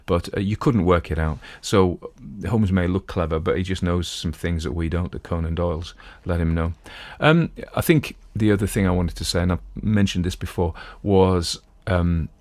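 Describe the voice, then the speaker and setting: A middle-aged man hosts a podcast, chatting loosely and wandering off topic about a classic detective story from his home country. His voice is low and darkish, moving at a moderate pace with few pauses, and the recording is dry.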